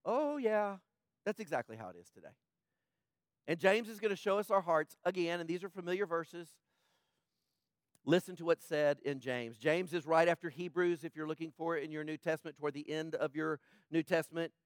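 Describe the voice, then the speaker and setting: A man preaching a sermon as pastor, impassioned, swinging between loud urgent passages and hushed ones. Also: fairly high pitch, fairly even intonation, a little fast, dry recording, studio quality.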